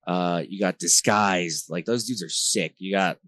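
Man, very low voice, from New Jersey, band vocalist as podcast guest, rambling slangy storytelling, dry close sound. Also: unhurried, no echo. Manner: rambling, filler-heavy slang talk with frequent "like" and "bro"; animated, gets louder when retelling tense moments. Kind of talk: casual conversational storytelling.

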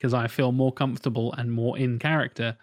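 A man's voice: mid-range voice, flat delivery, brisk, dry recording, clean studio sound. A man co-hosting a podcast, chatting casually, laughing and self-deprecating with casual swearing. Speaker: podcast co-host.

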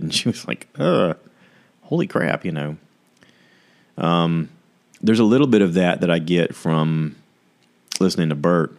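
Deep-voiced rambling podcast host. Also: male voice. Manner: rambling, self-deprecating, full of fillers and asides. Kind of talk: casual rambling review chat.

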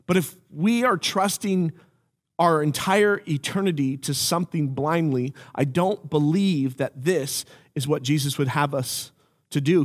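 A man's voice: sits high, in a large hall. A middle-aged male pastor preaching a sermon, telling a story and acting out phone calls in raised voices.

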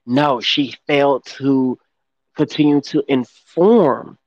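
A man co-hosting a casual gossip podcast, talking haltingly with lots of fillers and restarts. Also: medium pitch, darkish tone, dry recording, muffled recording. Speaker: podcast co-host.

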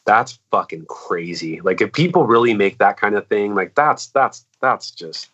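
A musician talking in a casual, rambling way, swearing a lot and saying "like" and "dude" all the time. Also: male voice, lowish voice, lively intonation, measured pace, fairly bright tone, dull audio. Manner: rambling and profane, full of "like" and "dude". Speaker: musician in a band. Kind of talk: casual chat.

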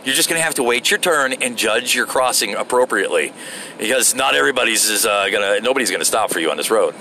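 Man from Florida, rambling profane driver rant, lively pitch swings, bright tone. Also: quick pace, a little hiss or hum. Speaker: vlogger. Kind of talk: casual rant while driving. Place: inside a moving vehicle.

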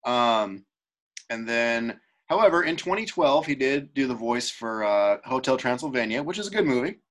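A young man with a bright, forceful voice talks in a loose, rambling way. He stops and restarts often as he chats with a co-host. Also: mid-range voice, expressive, normal speed. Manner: rambling, self-interrupting, frequent restarts. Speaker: podcast co-host. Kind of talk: casual chat.

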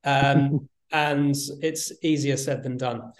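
A man talking casually as a guest on a podcast, animated, laughing often and repeating words for emphasis. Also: medium pitch, slow pace. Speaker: guest, retail executive.

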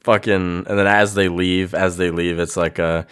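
A young man in casual chat, animated and laughing, swearing freely. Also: deep voice, moderate pace, clean tone.

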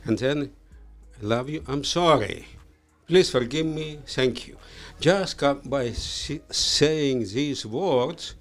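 A man talking as a studio guest in a slow, halting, playful way, with non-native grammar. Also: medium pitch, faint music behind. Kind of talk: casual interview chat.

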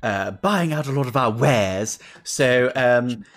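A man's voice: slow pace, fairly bright tone, soft background music. A man voicing a fussy, balding gnome jeweler who is obsessed with cleanliness, in a prissy, disdainful manner. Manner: prissy, disdainful, high-pitched and fluttery.

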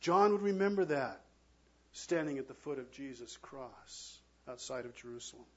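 A man preaching a sermon as pastor, swinging from loud, emphatic lines to hushed, near-whispered ones. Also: mid-range voice, expressive, normal speed, slightly rough, muffled recording.

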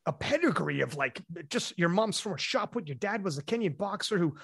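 A man's voice: sits high, animated, a little fast, gravelly, fairly bright tone, husky. A man hosting a casual podcast, asking questions loosely with swearing and laughter. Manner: loose, profane, laughing reactions. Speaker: podcast host.

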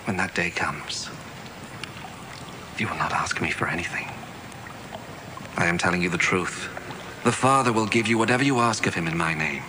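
An actor playing Jesus, speaking softly and tenderly to his disciples in a film scene, sometimes almost whispering. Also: sits low, normal speed, long pauses, background noise, close to an everyday voice. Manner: soft, tender, partly whispered. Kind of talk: film drama with music. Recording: film audio with music.

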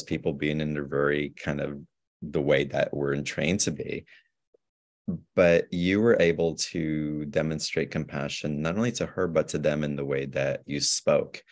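A man, a podcast guest, speaking about spirituality in a calm, measured, reflective way. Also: extremely low pitch.

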